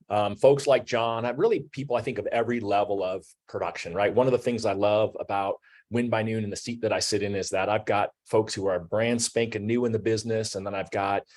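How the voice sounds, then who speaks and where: A man's voice: on the low side, fairly even intonation, fairly quick, darkish tone. A man in his forties hosting an online business talk, speaking conversationally with many "you know"s and "um"s. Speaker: host. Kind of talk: webinar talk.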